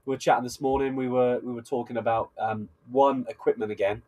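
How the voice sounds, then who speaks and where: A man's voice: mid-range voice, fairly even intonation, fast talker, darkish tone, rough recording. A man hosting a casual live stream, hesitant and repeating words while sorting out the tech.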